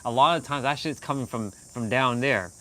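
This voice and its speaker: A man from Canada chatting casually on a live stream, rambling and animated, laughing often as he talks to viewers. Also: mid-range voice, a little fast.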